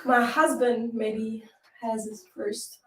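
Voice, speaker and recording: Woman talking from across the room, echoey, far from the mic, slow and a bit high. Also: little pitch movement.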